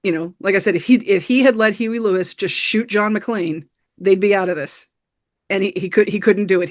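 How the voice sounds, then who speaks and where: A woman's voice: medium pitch, normal speed. Woman retelling a film scene by scene. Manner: lively scene-by-scene retelling with many "you know" fillers. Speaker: podcast co-host. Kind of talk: casual film review chat.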